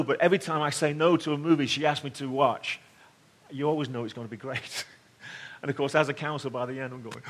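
A middle-aged man gives a sermon as if telling a story to friends. His voice sits in a middle range, and he moves between quiet, intimate passages and louder, emphatic ones. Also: mid-range voice, fairly quick. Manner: conversational, swings between loud emphasis and hushed tones. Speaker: pastor.

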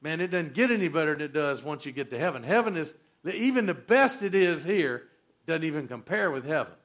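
Man, 60s, pastor, sermon, fairly high voice, storytelling, quizzes listeners. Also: brisk. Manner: animated storyteller, quizzes the congregation.

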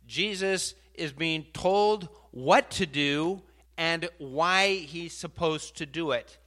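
Bright-toned animated preacher man. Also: on the high side. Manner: animated, rising to emphatic outbursts; pauses mid-talk to sort out slides. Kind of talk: sermon.

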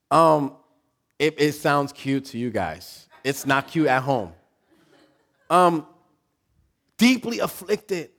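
A man preaching a sermon, animated, acting out inner voices with sudden loud high bursts, repeating words and laughing with the congregation. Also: very slow, creaky, long pauses. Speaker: pastor.

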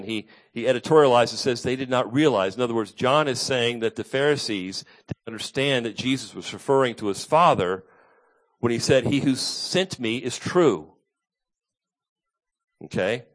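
A man preaching an earnest, emphatic expository sermon as a pastor. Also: mid-range voice.

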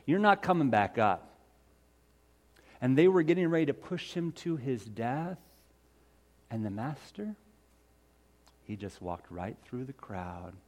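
A man playing the fisherman Peter, telling a Bible story in the first person in a folksy, conversational way that swings from loud to hushed. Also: fairly high pitch. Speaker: storyteller in character.

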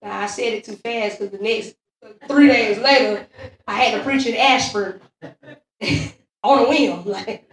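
In an echoey church sanctuary, far from the mic, a woman with a fairly high voice preaches a sermon built around her own testimony. She speaks at a measured pace with long pauses, repeating phrases in a call-and-response rhythm that keeps building.

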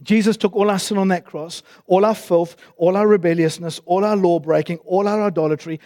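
A man's voice: sits high, a little mellow. A male pastor preaching a sermon in a church, emphatic and asking his listeners many rhetorical questions.

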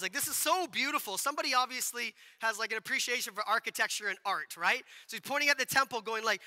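A man's voice: very high voice, fast, hardly any pauses, bright, forceful tone. A man preaching a sermon to a congregation, casual and conversational, asking questions and acting out quotes. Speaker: pastor. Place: church hall with congregation. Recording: long hall reverb.

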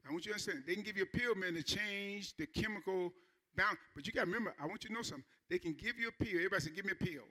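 A man preaching a Sunday sermon, emphatic, repeating key phrases and asking the congregation questions. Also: high voice. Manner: animated preacher, slows down to stress key lines. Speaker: pastor.

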